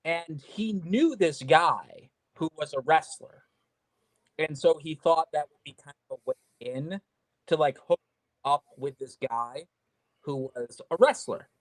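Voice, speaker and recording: Guest man, rambling profane storyteller, slightly higher voice, dry remote-call sound. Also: a little slow, no room sound, rough recording. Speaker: guest wrestler. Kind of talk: casual storytelling. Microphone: remote call mic with audio trouble.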